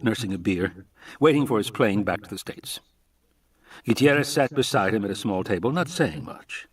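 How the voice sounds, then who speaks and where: A man's voice: on the low side, breathy edge, distant mic. A man reading a novel aloud as a live audiobook, narrating steadily. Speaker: audiobook reader.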